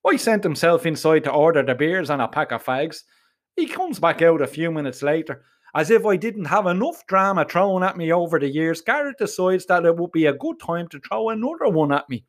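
A middle-aged man with a Dublin Irish accent spins a foul-mouthed comic yarn. His voice sits high for a man and swoops up and down with animated energy. He is plainly telling a story, crude and full of swearing. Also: fairly quick. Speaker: narrator.

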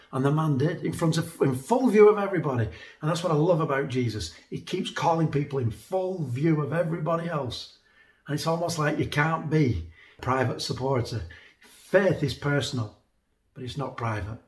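A man preaching in an earnest, conversational manner, circling back over his words as he builds each point. His voice sits in a middle register, and the room around him rings with echo. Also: mid-range voice. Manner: earnest, conversational, repeats words when emphasizing. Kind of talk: sermon. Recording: echoey room.

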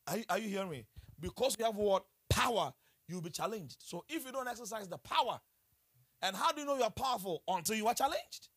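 Lively husky-voiced male preacher. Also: sits high, a little fast. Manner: animated, exclaiming and laughing, asks the congregation questions. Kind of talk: sermon.

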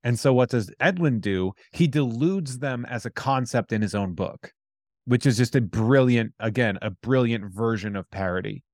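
A man's voice: mid-range voice, normal speed, darkish tone, no room sound, studio quality. A man co-hosting a casual chat about comics, chatty and amused, acting out funny quotes from scenes. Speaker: podcast co-host.

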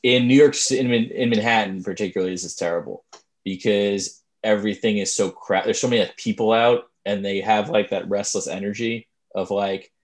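Low-voiced wry man rambling. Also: fairly even intonation. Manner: wry, rambling, drawn-out asides with many fillers. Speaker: podcast co-host. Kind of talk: casual chat.

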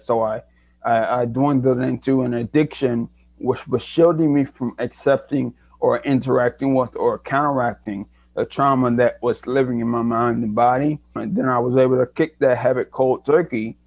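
A man's voice: medium pitch, no echo. A young man, a guest in an interview, telling his own story in an earnest, reflective way and often restarting his sentences. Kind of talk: candid personal story. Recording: dry, dull lo-fi sound.

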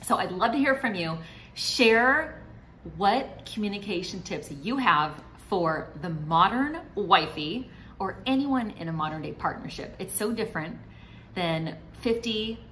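A woman's voice: fairly low pitch, a bit bright, a little hiss or hum, poor audio. Chatty woman giving marriage advice. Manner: chatty and encouraging, acts out quoted spouses. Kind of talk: direct-to-camera advice talk.

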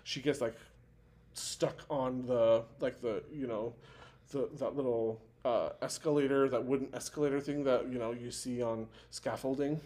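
A man's voice: mid-range voice, steady tone, moderate pace, a little mellow. A man co-hosting a podcast, casually recapping a TV show in a rambling way with lots of fillers and restarts. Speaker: podcast co-host.

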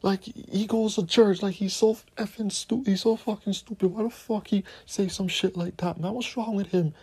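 A man putting on a high, whiny voice to mock a shocked, preachy critic. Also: steady tone, normal speed, darkish tone, husky. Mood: mock outrage. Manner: high-pitched mocking whine. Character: shocked, preachy male critic, scolding and indignant.

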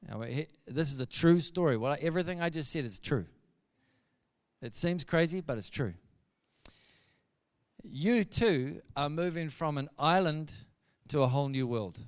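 A man preaching a sermon, telling a story in a casual, animated way and speaking straight to his listeners. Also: fairly high pitch, normal speed, long pauses, no room sound, clean studio sound, in a large hall.

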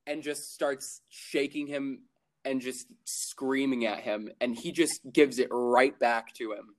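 A young college-age man speaks in a casual, easygoing way, laughing often and stumbling over restarts as he searches for words. His voice sits at an ordinary, middle pitch. He sounds like a relaxed guest chatting on a podcast. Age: young adult. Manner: laughs often, halting and restarting while thinking. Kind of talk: casual chat.

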